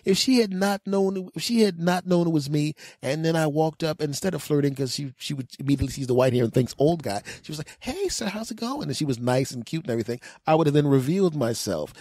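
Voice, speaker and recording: Animated storytelling man in his forties. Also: quick pace, few pauses, dry recording. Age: 40s. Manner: animated, mimics other people's voices with big pitch jumps. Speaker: podcast host. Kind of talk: comedic storytelling monologue.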